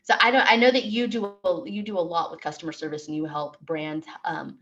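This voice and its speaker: A woman's voice: lowish voice, fairly even intonation, a little fast, a bit bright. A woman hosting a podcast, chatting casually and often trailing off mid-thought before asking her guest questions. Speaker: podcast host. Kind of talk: casual interview chat. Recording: dull recording with faint noise.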